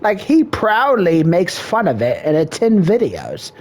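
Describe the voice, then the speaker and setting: A man in a crude comedy bit, posing as a marriage counselor. He talks in a low drawl with a gravelly, fry-heavy texture, mock-serious and full of profanity. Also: wildly swooping pitch, unhurried, darkish tone.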